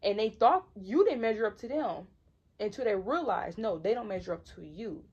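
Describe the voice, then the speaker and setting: A woman's voice: medium pitch, animated, moderate pace, a little mellow, breathy edge, muffled recording. Casual young woman doing a tarot reading. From Michigan, US. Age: 20s. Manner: conversational, repetitive, slangy, emphatic. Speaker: tarot reader.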